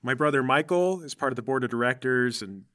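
A man voicing a friendly, down-to-earth male superhero who leads a small team, speaking in a relaxed, reassuring and chatty way. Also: mid-range voice, fast, close to an everyday voice.

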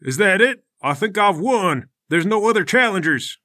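A man's voice: sits high, animated, moderate pace, pitched above the performer's own voice. A man voicing a hulking bald male fighter, brash and impatient, in a blustering tone. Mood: boastful. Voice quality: loud and blustering.

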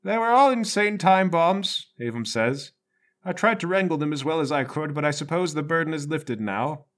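A man's voice: fairly high pitch, lively intonation, normal speed, a bit bright. A man voicing a weary, wealthy older male power broker in a tabletop game, talking in a tired, matter-of-fact way.

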